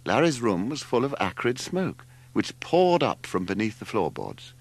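A man narrating an audiobook, his low voice gravelly and expressive. His pitch swoops widely as he tells the story with animated, theatrical flair. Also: normal speed. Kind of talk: scripted narration.

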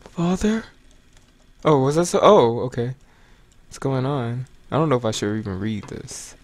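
A man's voice: medium pitch, normal speed, dry recording. Casual, jokey young gamer man. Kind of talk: let's play commentary.

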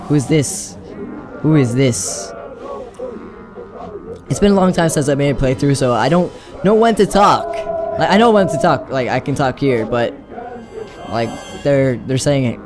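Slow-talking young man gamer. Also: mid-range voice. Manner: chatty, rambling, giggly. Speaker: gaming YouTuber. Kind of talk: let's play commentary.

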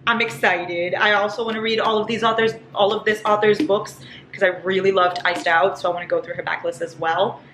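A woman vlogging a casual haul, gushing and excitable, squealing over each item. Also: mid-range voice, a little fast, few pauses. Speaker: book vlogger. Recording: echoey room with faint hiss.

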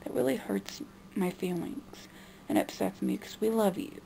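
A woman's voice: moderate pace, vocal fry, noisy background. A young woman vlogger venting in a frustrated monologue about her family. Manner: frustrated, mimicking others in a high nagging voice.

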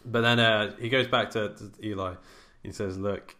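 A man's voice: fairly low pitch, steady tone, normal speed, a crowd in the background. A man with a British English accent, co-hosting a podcast and recapping a film's plot in a rambling, casual way. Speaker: podcast co-host. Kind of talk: casual film discussion.

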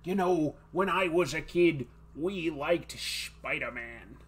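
Brief: man putting on an excitable old comics huckster, slow, salesy, over the top. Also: breathy edge. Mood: hyped. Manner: hammy, old-timey pitchman delivery. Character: elderly excitable male comics showman.

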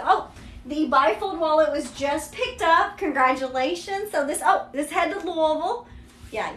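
High-voiced Kentucky woman hosting live sales. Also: a bit bright, echoey room. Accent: Central Kentucky Southern drawl. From Kentucky, USA. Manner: chatty and upbeat, filler-heavy ("yeah", "there you go"). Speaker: host selling vintage luxury bags. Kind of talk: live-stream product showcase.

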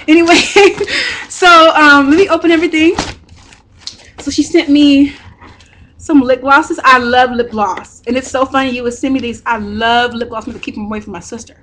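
A young woman with a high voice chats excitedly through an unboxing vlog. She gushes, squeals over each item and laughs easily. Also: moderate pace, slight background noise. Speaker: vlogger.

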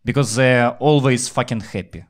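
Ukrainian guy doing standup in english, deadpan and blunt, swears a lot, mid pitch. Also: normal speed. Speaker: stand-up comedian. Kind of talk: stand-up comedy set.

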